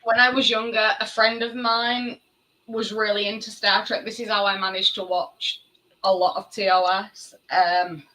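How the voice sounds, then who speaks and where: A woman's voice: mid-range voice, little pitch movement, normal speed, bright, forceful tone, poor audio. A woman co-hosting a podcast over a video call, chatting casually and poking fun at herself. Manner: chatty and self-mocking. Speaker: podcast co-host. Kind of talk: casual chat.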